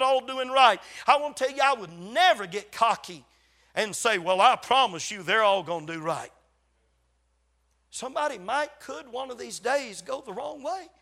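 Bright high-voiced older male pastor. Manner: storytelling, acts out quoted dialogue with emphatic repetition. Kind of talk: sermon.

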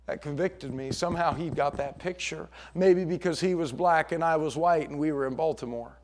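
A middle-aged man preaching a sermon as pastor, swinging between loud emphatic passages and hushed storytelling. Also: on the high side, normal speed.

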